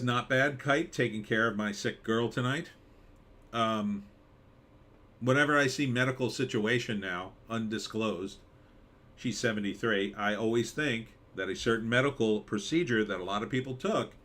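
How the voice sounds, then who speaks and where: A man's voice: mid-range voice, sharp tone. Sarcastic man hosting a live stream. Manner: sarcastic, jumps into mocking skits and pirate voices. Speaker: live stream host reading chat. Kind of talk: casual live stream commentary.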